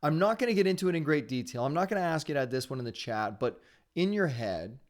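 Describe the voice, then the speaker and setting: Male webinar host, rapid and upbeat, slightly higher voice, cheers on his attendees. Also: lively intonation. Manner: fast-talking; upbeat and encouraging. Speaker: webinar host and sales trainer. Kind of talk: live online training webinar. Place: his home area in Ontario.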